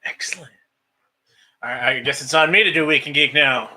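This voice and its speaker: A man's voice: mid-range voice, fast talker, sharp tone. A man co-hosting a podcast, giving short eager replies and laughing often in casual chat. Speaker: podcast co-host. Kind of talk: casual chat about movies.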